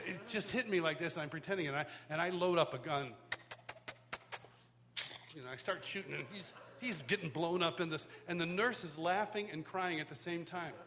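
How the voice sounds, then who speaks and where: A man teaching at a worship school, telling a personal story in sermon style with animated, self-mocking humor, recorded live in a church hall. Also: on the high side, normal speed. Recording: live hall reverb, faint background noise.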